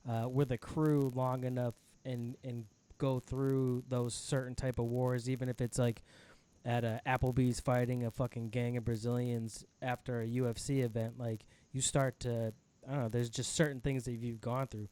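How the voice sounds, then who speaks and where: A man's voice: mid-range voice, little pitch movement, normal speed, mellow, smooth. A man co-hosting a podcast in casual, laid-back chat, swearing now and then. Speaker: podcast co-host.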